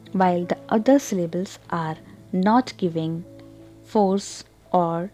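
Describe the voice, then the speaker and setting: A woman teaching English pronunciation in a slow, deliberate lesson, repeating example words and checking in with "okay?". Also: mid-range voice, dark tone.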